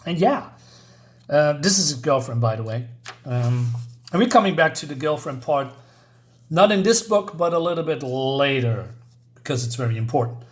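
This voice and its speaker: A man's voice: fairly high pitch, lively intonation, normal speed, pauses often. A man casually reviewing an old comic book, rambling with many fillers.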